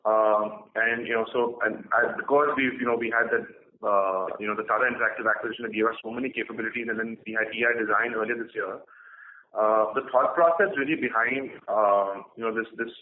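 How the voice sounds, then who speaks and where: Man on an echoey phone line. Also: medium pitch. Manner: measured, frequent "you know" fillers and restarts. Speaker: company executive answering analysts. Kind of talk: earnings conference call.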